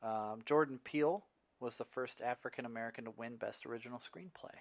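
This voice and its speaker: A man's voice: medium pitch, fairly quick. A man co-hosting a podcast, chatting casually and teasing his co-host with wry remarks. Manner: wry, teasing, reads out contest results. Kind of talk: casual chat.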